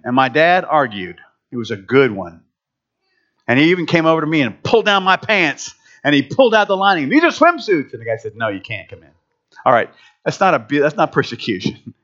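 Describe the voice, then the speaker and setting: A man's voice: fairly high pitch, fairly bright tone. A middle-aged man preaching a sermon as a pastor, telling a personal story in a conversational, anecdotal way. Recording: dull lo-fi recording.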